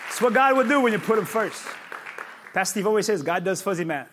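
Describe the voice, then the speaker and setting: A male pastor preaching a sermon, emphatic and repetitive, with sudden loud peaks. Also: high-pitched, animated, fast talker, a crowd in the background, background noise.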